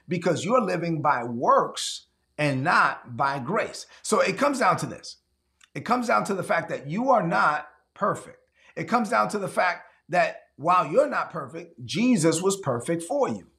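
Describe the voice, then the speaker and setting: Male pastor, sermon delivery, high voice with wide swings, animated, gravelly. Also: moderate pace. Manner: animated, acts out quoted voices, repeats words.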